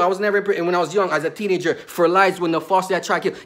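A man venting in a heated, profane rant to camera, accusing and repeating himself, often rising into yelling. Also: high-pitched, steady tone. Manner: rapid-fire, accusatory, grows into yelling. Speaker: vlogger.

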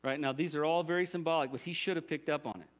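Man, pastor, sermon, conversational, rhetorical questions, jokey asides, fairly high voice. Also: quick pace.

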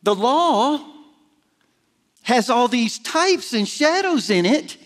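A man's voice: very high voice, sing-song, slow, fairly bright tone. A middle-aged man preaching a folksy, self-deprecating sermon to a church congregation, building to emphatic peaks. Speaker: pastor. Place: large church sanctuary. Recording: long hall reverb of a church.

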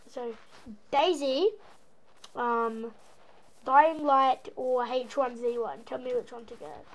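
Aussie girl faking an american accent, high pitched, goofy rambly gaming chat w/ silly noises. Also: slight background noise, low-quality recording. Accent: American, put on over an Australian one. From Australia. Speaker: gaming channel host. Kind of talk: rambling gameplay commentary.

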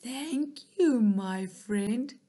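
A woman's voice: a little high, animated, extremely slow, dark tone, exaggerated voice. A woman voicing a hungry male fox who politely begs for food. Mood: pleading. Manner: polite, begging. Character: hungry humble male fox, pleading father.

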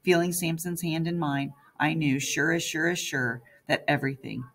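A woman's voice: low voice, fairly even intonation, moderate pace, breathy edge. A woman narrating an audiobook in the first person as a young girl.

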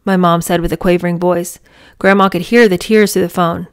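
A woman's voice: lowish voice, level tone, fairly quick. A woman reading a memoir aloud and breaking off into chatty, enthusiastic commentary full of "you know" and "I mean". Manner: chatty, enthusiastic, many fillers. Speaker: book reader and reviewer.

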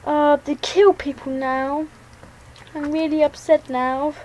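A high-pitched woman narrates her game as she plays, jumpy and thinking aloud. She talks slowly and mutters her next moves as they come to her. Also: fairly even intonation, darkish tone, poor audio. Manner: jittery, talks to herself while playing. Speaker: gaming channel host. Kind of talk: let's play commentary.

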